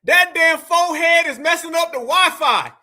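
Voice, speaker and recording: A man's voice: extremely high pitch, normal speed, over a noisy crowd. A man hosting a live stream, reacting to clips with slangy, mocking commentary and talking straight to his chat. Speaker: livestream political commentator.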